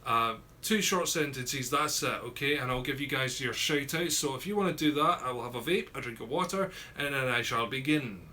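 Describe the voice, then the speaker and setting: Chatty Scottish man, bright voice. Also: medium pitch, a little fast, hardly any pauses, a little hiss or hum. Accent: Scottish, southwest coast near Glasgow. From Scotland. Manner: chatty, many fillers and repeated words, reads viewers' comments aloud. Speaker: YouTuber hosting a live chat. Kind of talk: casual live-stream chat reading comments.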